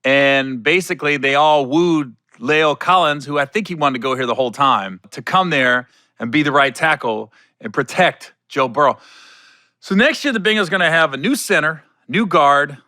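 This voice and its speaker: A man with a slightly high voice and moderate pace hosts a solo podcast, with no room sound in the recording. He's animated as he tells loose stories, laughing often, swearing casually, and slipping into voices when quoting people.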